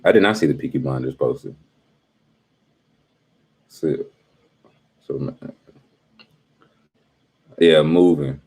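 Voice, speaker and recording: A man's voice: extremely low pitch, slow pace, pauses often, darkish tone, husky. A young adult man hosting a casual live stream, teasing and talking straight to his chat in slangy speech.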